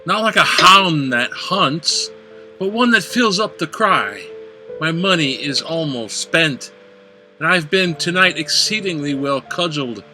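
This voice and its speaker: A sulky, beaten-down young dupe, read by a man in a very bright, tense voice. He grumbles wearily about his bad luck. It is an amateur read over a video call. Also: on the high side, lively intonation, a little slow, soft background music, exaggerated voice. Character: broke, beaten young male dupe, sulking. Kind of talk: amateur play read-aloud.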